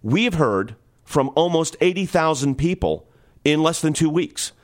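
A man's voice: on the high side, expressive, measured pace. A man hosting a radio call-in talk show, making urgent, emphatic appeals to his listeners.

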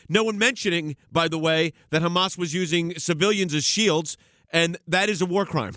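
A man's voice: on the high side, normal speed, fairly bright tone, no echo, clean studio sound. A man hosting a talk radio show and taking callers, talking in an emphatic, sometimes sarcastic way.

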